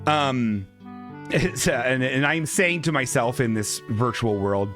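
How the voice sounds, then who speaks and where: A man's voice: mid-range voice, animated, takes it slowly, fairly bright tone, faint music behind. A man hosting a comedy show, rambling and chuckling through his stories.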